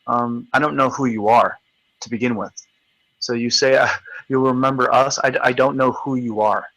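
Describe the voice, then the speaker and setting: A man's voice: medium pitch, fairly even intonation, moderate pace, fairly bright tone, no echo, poor audio. A man hosting a live video chat, ranting in a combative, profane, taunting way. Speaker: livestream host.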